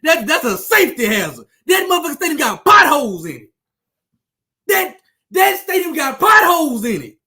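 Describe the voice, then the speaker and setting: A very animated man at a moderate pace, his very high-pitched voice pushed and bright, tears into a sports topic for his viewers. The commentator, who owns his channel, is fiery and profane, taunting and circling back to the same points for emphasis.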